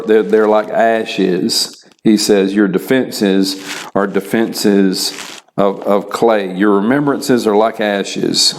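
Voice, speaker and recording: A middle-aged man lecturing in an unhurried, deliberate way, with a fairly low voice. He reads scripture passages aloud and then talks them over, often stumbling and repeating his words. The delivery is measured and halting throughout. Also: a little mellow. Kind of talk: recorded university lecture.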